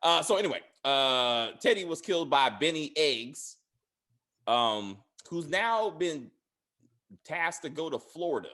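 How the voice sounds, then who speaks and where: A man talks casually as a podcast host, his pitch swinging up and down in a lively way. He rambles, stumbles over his words and fills gaps with lots of ums and uhs. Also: a little slow. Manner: rambling, many fillers and restarts; laughs loudly and high. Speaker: podcast host reviewing a TV series. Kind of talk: casual chat.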